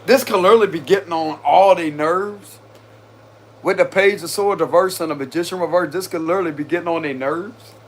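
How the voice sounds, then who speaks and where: A man's voice: on the high side, brisk. A man giving a casual tarot reading, chatty and slangy, talking straight to his viewers and often breaking into laughter. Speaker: tarot reader.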